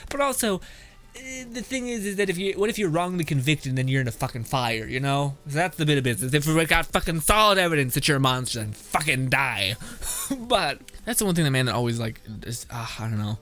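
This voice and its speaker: A man's voice: a little high, animated, a little fast, fairly bright tone. A man streaming his reactions to memes in a casual, blunt, swear-filled way, laughing often. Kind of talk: casual commentary.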